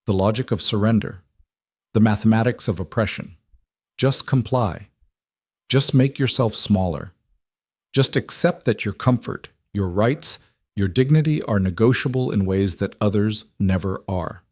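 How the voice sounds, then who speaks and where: A man reading a scripted dramatic story in a measured, even delivery. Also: on the low side, no room sound, clean studio sound.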